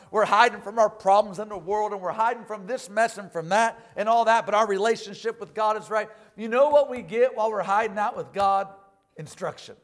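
A man's voice: high voice, a bit bright. A male pastor preaching a sermon, quoting scripture and asking the congregation for amens. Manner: preachy call-and-response with frequent "amen"; quotes scripture in old King James wording.

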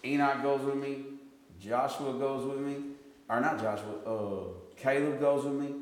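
A man leading a casual group discussion, telling a story with lively, halting restarts. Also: medium pitch. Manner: animated storytelling, often restarts sentences. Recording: echoey room with long reverb.

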